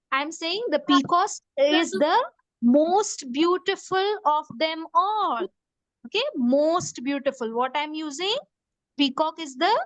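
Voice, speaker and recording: A woman's voice: high voice, dry recording, low-quality recording. A woman teaching a grammar class, repeating words patiently and asking students to repeat after her. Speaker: English teacher.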